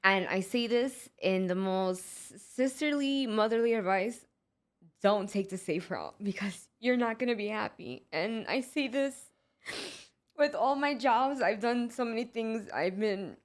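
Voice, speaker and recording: A woman's voice: a little high, a little slow. Woman, 30s, heartfelt and teary interview guest. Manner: heartfelt, emotional, tearful. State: close to tears. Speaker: hairstylist and business owner. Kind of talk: casual podcast interview.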